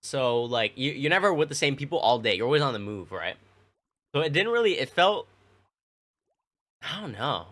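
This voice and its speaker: A man's voice: medium pitch, very animated, moderate pace, long pauses, fairly bright tone. A young man casually telling childhood stories to his stream chat, rambling and swearing with plenty of fillers. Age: young adult. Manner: rambling, profane, lots of fillers.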